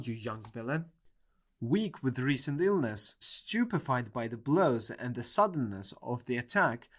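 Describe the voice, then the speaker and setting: A man narrating a classic novel as an audiobook in a measured storytelling manner. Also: mid-range voice, a bit bright. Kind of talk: scripted narration.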